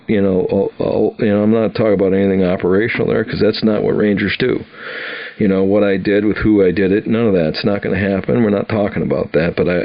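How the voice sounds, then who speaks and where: A man in his sixties from Wisconsin, telling his own story on a podcast, acting out the dialogue and often restarting his sentences. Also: lowish voice. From Wisconsin, USA. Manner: animated storyteller, acts out dialogue, frequent restarts. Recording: dull lo-fi audio.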